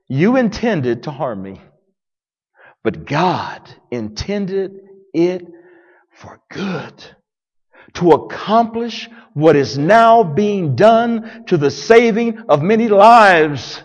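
A man preaching a sermon as pastor, dramatic, swinging from loud declarations to hushed near-whispers. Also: sits high, very animated, slow pace. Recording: long reverb of a large hall.

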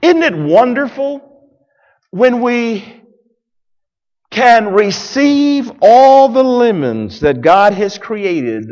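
A man preaching a sermon as pastor, dramatic, swinging from loud declarations to hushed near-whispers. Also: high-pitched. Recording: long reverb of a large hall.

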